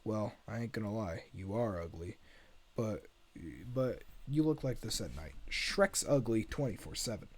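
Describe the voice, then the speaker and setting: A man reading a script aloud and voicing a chatty, excitable male donkey sidekick. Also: on the low side, slightly rough. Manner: fast chatter, yelps in panic. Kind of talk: amateur script read-aloud.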